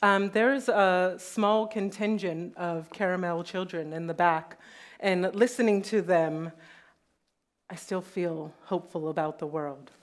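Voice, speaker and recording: Host, female, unhurried playful delivery, chatting with a live audience. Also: on the low side. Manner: playful, laughing, with many fillers. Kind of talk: casual live talk to an audience. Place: live event hall.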